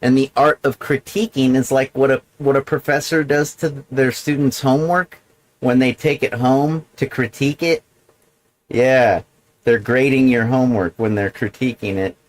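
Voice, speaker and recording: A man of middle pitch hosts a solo livestream and drifts from one tangent to the next. He swears casually and often backs up to restate himself. His delivery stays loose and unhurried. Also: steady tone, poor audio. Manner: meandering, profane, digressive. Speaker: livestream host. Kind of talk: rambling solo livestream monologue.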